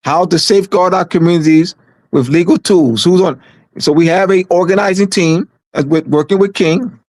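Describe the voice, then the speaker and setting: An organizer hosts a community meeting in loose livestream talk, pressing points again and again and tripping over restarts. The voice sits at a middle pitch and swings from low and steady to raised and shouting. The sound is close and dry. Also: normal speed, no room sound. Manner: emphatic and repetitive, stumbles and restarts; shifts between low, calm delivery and raised, shouting emphasis.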